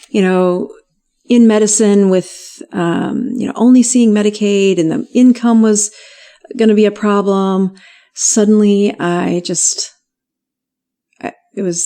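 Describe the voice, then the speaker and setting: A middle-aged woman physician telling her story in an interview, animated and laughing often as she acts out what people said. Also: fairly low pitch. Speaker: physician guest.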